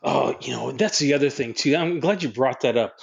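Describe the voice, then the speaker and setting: A man's voice: mid-range voice, fairly quick, creaky, highs cut off. A man around fifty from North Dakota, co-hosting a podcast in casual chat, easygoing and chuckling along with short agreeing replies. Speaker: podcast co-host.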